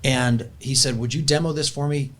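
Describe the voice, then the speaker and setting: A grandfatherly older man speaks earnestly in a middle-pitched voice, telling a family story as though chatting across a table. He sounds heartfelt and sincere, and a faint hiss of noise lies behind him. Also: fairly even intonation, moderate pace, a bit bright. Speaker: podcast guest. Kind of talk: conversational storytelling and prayer.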